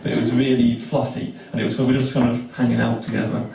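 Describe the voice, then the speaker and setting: A young man doing stand-up, telling a long story in a rambling, self-interrupting, deadpan way. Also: mid-range voice, fast talker, gravelly. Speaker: stand-up comedian. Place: comedy club stage with audience laughing. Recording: echoey live room recorded from far off with noise.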